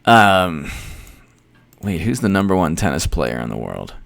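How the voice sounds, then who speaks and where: Male commentary host, lowish voice with big swings, rambling, repetitive delivery. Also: measured pace, gravelly. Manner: rambling, repetitive, animated asides with laughs. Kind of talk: casual livestream commentary.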